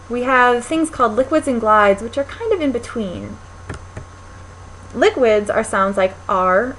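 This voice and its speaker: A woman's voice: medium pitch, slight background noise, rough recording. A young woman teaching a recorded linguistics lecture, explaining step by step with frequent ums and restarts. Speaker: linguistics instructor.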